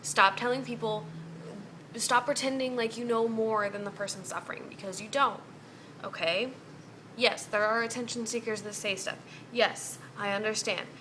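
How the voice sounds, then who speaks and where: Bright-voiced woman ranting bluntly. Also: medium pitch, slight background noise. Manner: blunt, heavy cursing, exasperated. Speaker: vlogger. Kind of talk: casual ranting vlog.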